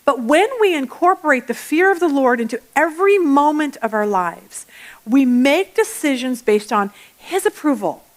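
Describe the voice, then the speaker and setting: A woman leads a Bible study lesson in a chatty, lively way. She weaves in personal stories, restarts her sentences often, and her voice sits slightly high for a woman. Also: normal speed. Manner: acts out everyday voices mid-talk.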